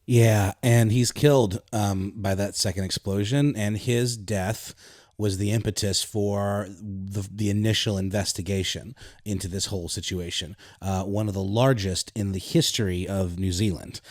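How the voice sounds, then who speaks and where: A man's voice: on the low side, steady tone, normal speed, a little mellow, no echo, studio quality. A man co-hosting a podcast in a casual, wry way, with many fillers like "uh" and "like". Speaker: podcast co-host. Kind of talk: conversational podcast banter.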